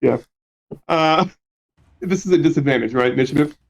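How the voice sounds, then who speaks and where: A man's voice: a little high, normal speed, gravelly. A man playing in a tabletop game, talking casually with hesitations. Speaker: player. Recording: dull sound, faint background music.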